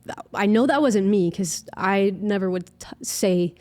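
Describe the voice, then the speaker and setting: A young adult woman, a guest musician, telling a personal faith story in an interview, earnest and emotional, halting with many fillers. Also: medium pitch, darkish tone.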